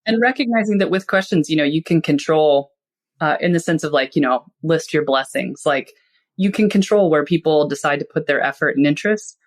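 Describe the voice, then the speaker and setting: A podcast guest who is a finance and psychology expert talks briskly in a low voice. She lays out her ideas in a relaxed, conversational style, playing out small everyday examples.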